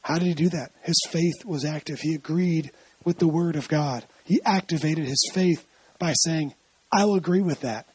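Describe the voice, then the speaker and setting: In a dry, close recording with no room echo, a preacher with a husky, mid-range voice gives a conversational sermon. He explains scripture in a chatty, storytelling way and keeps checking in with listeners through frequent rhetorical questions.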